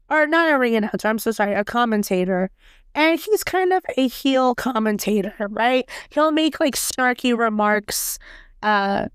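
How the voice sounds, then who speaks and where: A woman hosting a casual solo podcast, talking bluntly and heatedly with a raspy voice and plenty of swearing. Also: a little high, dry recording, clean studio sound. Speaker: podcast host.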